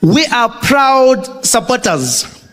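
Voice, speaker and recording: A man doing a pompous old president's halting speech. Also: very high-pitched, big pitch swings, fairly bright tone, in a large hall, voice pushed up, exaggerated voice. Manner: halting, stretched-out speechmaking cadence. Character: pompous older male president giving a speech. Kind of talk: stand-up comedy impression.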